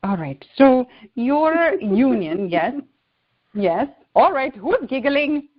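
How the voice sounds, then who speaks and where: A woman's voice: sits high, very animated, takes it slowly, muffled recording, full character voice. A woman channeling a playful, teasing male ascended-master spirit who jokes with the listeners. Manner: teasing, bantering, chuckling.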